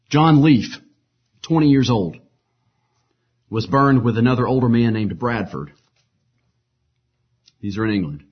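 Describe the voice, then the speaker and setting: Husky guy reading old martyr stories, gets loud on the quotes, muffled lo-fi sound. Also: mid-range voice. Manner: reads quotes with rising force, adds casual asides. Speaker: preacher retelling martyr stories. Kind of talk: dramatic storytelling reading with asides.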